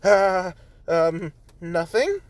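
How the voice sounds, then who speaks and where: Guy putting on a high squeaky flustered girl voice, stammering, all defensive. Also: sing-song, very slow, exaggerated voice.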